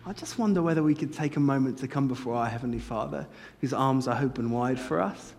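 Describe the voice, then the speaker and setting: A man's voice: mid-range voice, fast talker, gravelly, a little mellow. A man preaching a sermon as a church pastor, earnest and rising to fervent appeals. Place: church sanctuary. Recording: long hall reverb.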